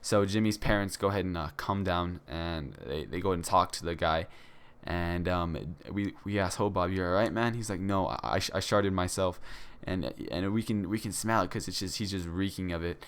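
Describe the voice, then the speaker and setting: A man's voice: low-pitched, normal speed, clear, resonant tone. A young man telling a casual story to his channel, rambling with many fillers and restarts. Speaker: vlogger.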